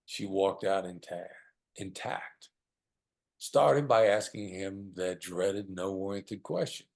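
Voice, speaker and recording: A man's voice: deep voice, slow pace, vocal fry. A middle-aged man, a guest in an interview, telling stories and acting out the lines of the people in them. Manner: animated storyteller, acts out quoted lines. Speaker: guest, former hostage negotiator. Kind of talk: storytelling in an interview.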